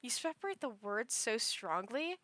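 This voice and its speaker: A woman's voice: fairly high pitch, sing-song, moderate pace, sharp tone, no echo. A young woman livestreaming, chatting casually in a rambling way, full of fillers and restarts. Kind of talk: casual chat.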